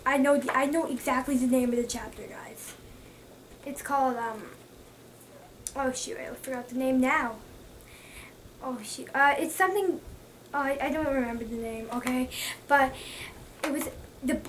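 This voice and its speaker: A young woman chatting casually to camera as a book vlogger, gushing and repeating herself for emphasis. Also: sits high. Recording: mic at a distance, faint background noise.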